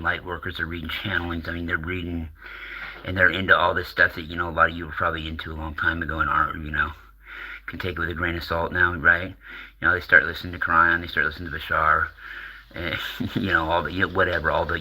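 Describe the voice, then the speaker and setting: A man's voice: low-pitched, bright, forceful tone, breathy edge, low-quality recording. A middle-aged American man rambling casually as a channel host, swearing and laughing often.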